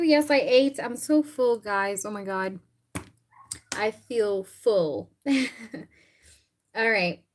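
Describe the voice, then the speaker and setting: A woman hosting a casual live tarot reading, chatting with viewers and often clearing her throat. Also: sits high, fairly even intonation, slow pace, long pauses, a little mellow, a little hiss or hum, low-quality recording.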